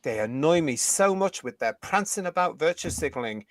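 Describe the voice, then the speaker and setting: Man from the UK, fairly high voice, heated indignant chat, dry close sound. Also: expressive, normal speed, dry recording. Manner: ranting, indignant, swears mildly. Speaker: podcast co-host.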